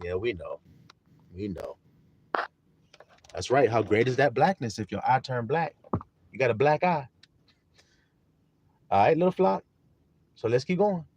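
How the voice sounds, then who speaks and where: A man's voice: medium pitch, lively intonation, normal speed, pauses often, a little mellow, slightly rough, highs cut off. A man preaching a sermon on a live stream, emphatic and often asking listeners whether they understand. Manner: emphatic, repeats questions to listeners; greets viewers in chat. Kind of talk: livestream sermon.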